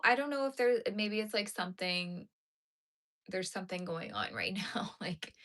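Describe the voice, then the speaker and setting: A woman's voice: medium pitch, fairly bright tone. A tired woman chatting casually with her live-stream viewers from home. She rambles with many fillers and keeps yawning. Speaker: crochet streamer. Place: home, talking to a live chat.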